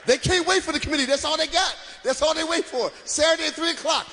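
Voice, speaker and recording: A man performing live stand-up comedy, loud and animated, shouting punchlines to the crowd from a stage. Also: very high voice, quick pace, few pauses. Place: stage before a live audience.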